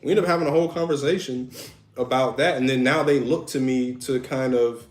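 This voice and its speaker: A man's voice: mid-range voice, steady tone, a little fast, echoey room. A man co-hosting a podcast in casual chat, talking candidly with many restarts and "you know"s. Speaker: podcast co-host.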